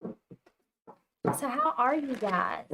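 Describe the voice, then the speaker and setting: A young woman chatting casually with her viewers on a tarot reading livestream, telling stories in an animated way. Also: a little high, drawn-out words, vocal fry, noisy background. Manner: chatty, animated storytelling, talks to chat. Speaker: tarot reader livestream host.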